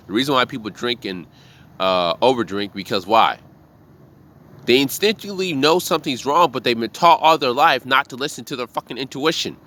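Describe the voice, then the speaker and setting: A man who works as a bartender, giving a blunt, profane, animated monologue about trusting your gut. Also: mid-range voice, fairly quick. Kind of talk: casual motivational monologue.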